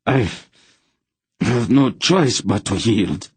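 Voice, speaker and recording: Wounded baron, strained and low, forced through teeth, read by a man. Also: expressive, slow, darkish tone, breathy edge, dry recording, full character voice. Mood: pained. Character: injured, defeated male baron.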